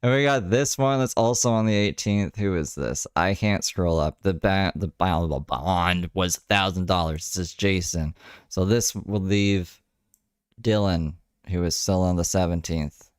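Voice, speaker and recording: A man's voice: deep voice, unhurried, clean tone, no room sound, clean studio sound. A man hosting a reaction commentary, blunt and swearing, sounding tired. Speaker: commentary channel host.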